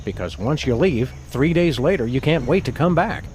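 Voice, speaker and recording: A man voicing a deadpan dog detective. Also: medium pitch, moderate pace, a little hiss or hum, close to an everyday voice. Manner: dry, long-winded deadpan. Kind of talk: video game voice acting.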